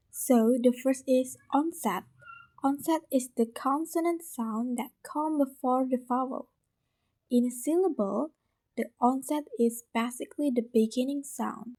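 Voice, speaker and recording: Slow, careful woman with Indonesian accent. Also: high-pitched, darkish tone. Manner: slow, careful explanations with repeated examples. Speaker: student presenter. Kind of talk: class video lesson.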